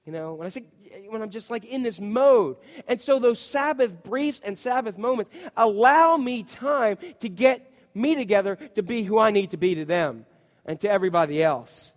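A male pastor delivers a conversational, animated sermon, full of asides and casual "you know"s. His voice sits somewhat high for a man, and it rings out with a long reverb through the church hall. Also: moderate pace.

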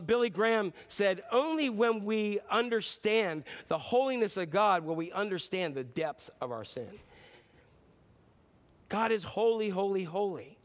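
A man preaches to his church with a lighter, higher voice than most men. He is animated and playful, acting out voices and repeating words for emphasis. It sounds like a pastor's sermon delivered from the pulpit. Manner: animated, acts out voices and repetitions.

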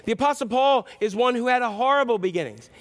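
A man's voice: very high voice, lively intonation, quick pace. A man preaching a sermon as pastor, telling stories and acting out quotes. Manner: storytelling with acted-out quotes.

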